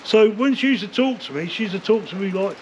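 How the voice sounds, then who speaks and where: Older man, rambling interview talk, swears a lot, high voice, dull lo-fi recording with faint hiss. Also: lively intonation, fast talker. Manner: rambling, swears freely, many fillers like "like, you know". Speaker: interview guest, former bare-knuckle fighter. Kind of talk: casual storytelling interview. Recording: dull lo-fi sound with faint noise.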